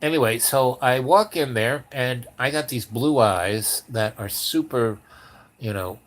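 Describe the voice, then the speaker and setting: A man's voice: mid-range voice, measured pace. A man in his seventies telling a long personal story in a meandering way, with many fillers and restarts. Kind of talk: rambling spoken anecdote.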